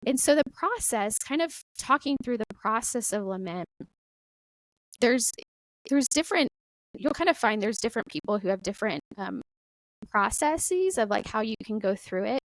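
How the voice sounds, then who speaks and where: A middle-aged woman talking casually about faith as a podcast guest, animated and full of "like" and "right?". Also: on the high side, moderate pace, no echo, poor audio.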